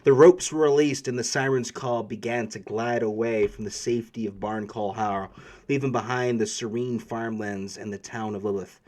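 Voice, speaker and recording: A man's voice: mid-range voice, steady tone, normal speed, a little mellow. A man narrating as game master for a tabletop role-playing game, reading prepared scene text and then improvising with frequent fillers.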